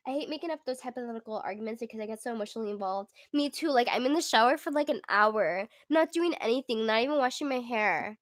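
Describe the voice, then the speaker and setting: A young woman with a squeaky, fairly high voice hosts a casual livestream. She talks in a chatty, giggly way and fills her sentences with "like". The sound is dry and close, with no room around it. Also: lively intonation, quick pace, few pauses, dry recording. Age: young adult. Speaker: livestream host.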